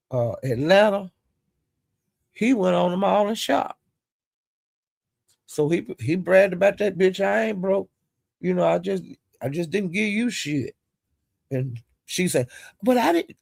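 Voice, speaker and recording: A woman's voice: sits low, vocal fry, darkish tone, no room sound, studio quality. A woman vlogger giving casual gossip commentary, blunt and profane, sounding exasperated as she retells the drama.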